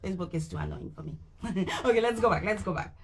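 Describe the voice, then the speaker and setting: Her voice is lowish, fast, and creaky: a tired French Canadian woman, native in French, reading a book on a live stream through a microphone. She stays animated, making repeated attempts at the hard words.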